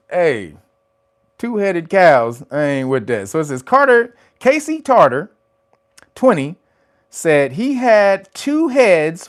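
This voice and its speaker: A man hosting casual news commentary, animated and profane, breaking into laughter and loud exclamations. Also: on the high side. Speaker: host of a commentary channel.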